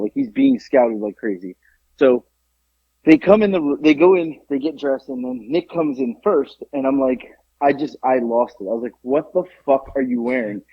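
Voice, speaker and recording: Man, middle-aged, podcast co-host, casual storytelling, slightly high voice, dry lo-fi sound. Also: creaky, breathy edge, no echo. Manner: animated storytelling, swearing, laughing often. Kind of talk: casual chat.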